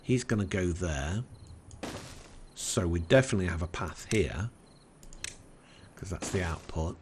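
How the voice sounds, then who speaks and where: An Englishman with an English accent giving relaxed let's-play commentary in a soft, soothing, unhurried way. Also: low-pitched, slight background noise. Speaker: game commentator.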